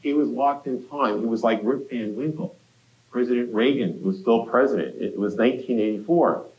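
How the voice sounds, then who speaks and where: A man's voice: medium pitch, darkish tone. A man giving a university lecture in a conversational way, speaking directly to the students with quips. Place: lecture hall. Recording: echoey lecture hall.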